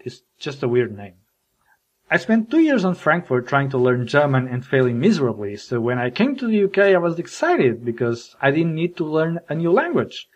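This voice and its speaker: A man's voice: fairly high pitch, dull audio. A man from Portugal, a podcast host, performing a scripted comedic monologue with jokey storytelling. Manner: animated, jokey storytelling with mock voices.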